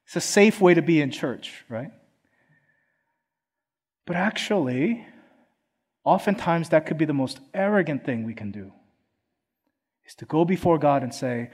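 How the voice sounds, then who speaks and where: A pastor from Philadelphia delivering a sermon to his congregation. He talks in an earnest, chatty way, with a voice pitched a little above most men. He often slips into quoted voices to make his point. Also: expressive, unhurried, pauses often, a little mellow, breathy edge. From Philadelphia, USA. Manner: conversational, earnest, acts out quotes. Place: church.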